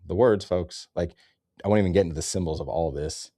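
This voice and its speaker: A man's voice: low voice, a little fast, warm tone, dry recording, clean studio sound. A man ranting in a sarcastic, rambling comedy commentary, cursing often.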